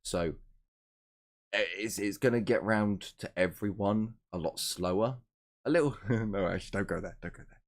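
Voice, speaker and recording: A man narrates a tabletop game as its game master, keeping things loose and rambling with casual swearing. His voice sits very low and steady. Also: moderate pace.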